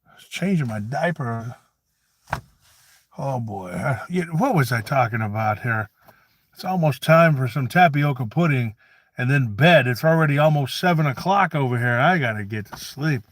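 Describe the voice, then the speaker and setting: In a satirical comedy monologue, a man with a high-sitting, animated voice plays a preachy, forgetful old grandfather who rants, stammers and wanders into rambling asides. He takes his time, and there's no echo.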